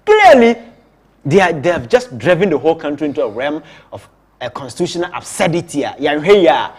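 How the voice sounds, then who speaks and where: A Ghanaian man speaks as a political analyst on a talk show, and his voice sits a little high. He argues emphatically and keeps repeating words as he pushes ahead. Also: lively intonation, brisk, husky. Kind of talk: studio talk show commentary.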